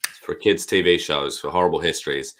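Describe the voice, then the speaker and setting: Stream co-host, man, very deep low voice, rambling, sweary. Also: fairly even intonation, brisk, fairly bright tone. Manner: rambling, swearing, self-mocking. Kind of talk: casual chat, storytelling.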